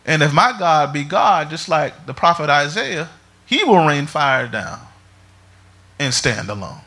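A man pastor preaching a sermon in an animated, humorous storytelling manner. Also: fairly high pitch, normal speed.

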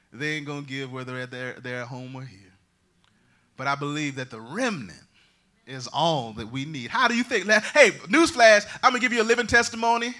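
A man preaching a lively sermon as pastor, swinging from loud proclamations to quiet, joking asides. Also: on the high side. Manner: humorous, conversational asides.

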